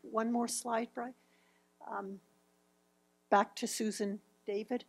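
A woman's voice: on the high side, flat delivery, slow, breathy edge. A woman in her fifties presenting a grief seminar, speaking reflectively as she walks through slides and quotes. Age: 50s.

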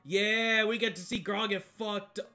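Swearing, slow-talking male game streamer. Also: high voice, little pitch movement, bright, forceful tone, faint music behind. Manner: profane, exclaiming, repeats himself. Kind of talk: live-streamed game playthrough reaction.

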